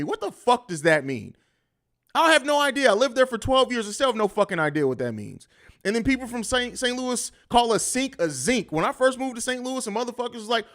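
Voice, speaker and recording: A man's voice: extremely high pitch, big pitch swings, fast, fairly bright tone. A man hosting a live sports podcast, talking bluntly and riffing with plenty of profanity. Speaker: podcast host. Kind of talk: live-stream sports talk.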